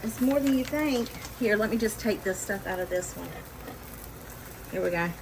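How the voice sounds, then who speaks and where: A woman with a mid-range, expressive voice hosts a casual cooking video in her home kitchen, speaking at normal speed and joking about her own blunders to viewers. The rough recording has slight background noise and the loud sizzle of a frying pan.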